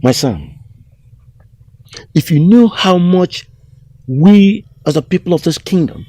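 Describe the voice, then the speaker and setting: An actor playing an older father and elder, speaking gravely and earnestly in a drama. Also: high voice, animated, slow pace, mellow, no echo, full character voice. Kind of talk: Nollywood film acting.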